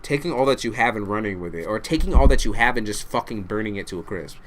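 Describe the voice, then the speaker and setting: A man's voice: lowish voice, expressive, fast, slight background noise. A man giving a tarot reading to camera, speaking bluntly and directly to the listener, swearing freely and repeating himself for emphasis. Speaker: tarot reader.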